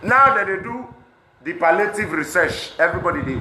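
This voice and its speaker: Impassioned Nigerian man, bright echoey voice. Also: lively intonation, normal speed, slight background noise. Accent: Nigerian, Pidgin-inflected. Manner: passionate, swings between loud outbursts and low muttering. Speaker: celebrity speaking on protests. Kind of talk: impassioned monologue. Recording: echoey room.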